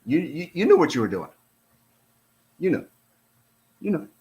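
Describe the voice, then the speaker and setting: A man's voice: on the high side, very animated, moderate pace, dark tone. A middle-aged man, a retired police officer, gives casual commentary on a released document. He talks in an exasperated, sarcastic, rambling way.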